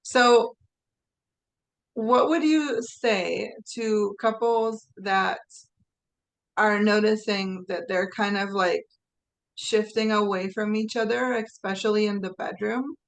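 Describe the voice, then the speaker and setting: A woman's voice: medium pitch, fairly even intonation, slow, creaky, poor audio. A woman with a mid-range voice hosts a podcast interview. She answers with short affirmations and asks questions in a conversational way. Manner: warmly affirming, brief agreements. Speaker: podcast host.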